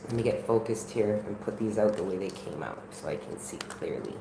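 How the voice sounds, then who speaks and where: A woman's voice: a bass voice, sing-song, fairly quick, creaky. A woman reading tarot on a live stream at home, talking earnestly and chattily straight to her viewers. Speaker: tarot reader. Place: at home in the country. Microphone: camera on a live stream. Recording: roomy with faint background noise.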